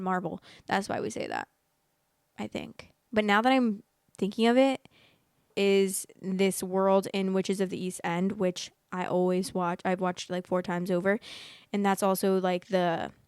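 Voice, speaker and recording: Chatty young woman, smooth close voice. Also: mid-range voice, fairly even intonation, unhurried, darkish tone, dry recording. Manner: rambling, chatty, laughs at own jokes. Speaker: host. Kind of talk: casual chat reading and reacting.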